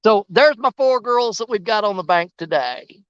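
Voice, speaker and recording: A man's voice: high voice, animated, normal speed, fairly bright tone, clear, resonant tone, dry recording, muffled recording. Joking man on a riverbank. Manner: joking, rambling, laughs often, folksy. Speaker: outdoor vlogger. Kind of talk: casual fishing vlog monologue. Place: outdoors on a riverbank.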